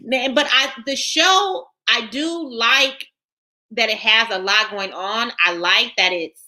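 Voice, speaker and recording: A woman, hosting a casual livestream, reading viewers' comments aloud and chatting in a lively way, repeating herself often. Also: fairly high pitch, slow. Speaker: channel host reading live chat.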